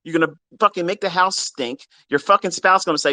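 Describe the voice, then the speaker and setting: A man's voice: high-pitched, fairly quick, pushed and bright, dry recording. A man giving a profane, exasperated lecture on trading to his livestream viewers. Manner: mocks listeners in put-on quotes. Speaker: trading educator.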